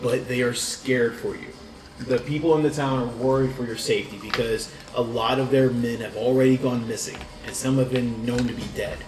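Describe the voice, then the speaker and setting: A man's voice: medium pitch, steady tone, moderate pace. A man narrating a tabletop game as dungeon master, casual and coaching his players. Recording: echoey room, distant mic.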